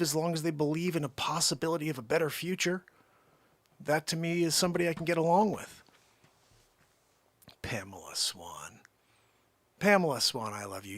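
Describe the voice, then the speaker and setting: Man, livestream host, casual chat, effusive shout-outs, rambling, slightly high voice, dry close mic. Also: no echo. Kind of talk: casual live-stream chat with viewers.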